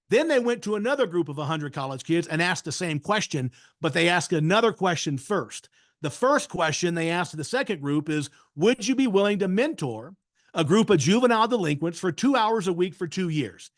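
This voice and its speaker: A man giving a sales training webinar, talking emphatically and often checking in with "right?". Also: high-pitched. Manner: emphatic, frequently tags points with "right?". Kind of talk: webinar masterclass talk.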